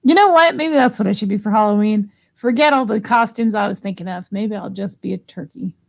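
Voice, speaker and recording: Giggly husky woman hosting a live sale. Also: mid-range voice, brisk. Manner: giggly, chatty, reads out bids. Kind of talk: casual live-stream auction chat.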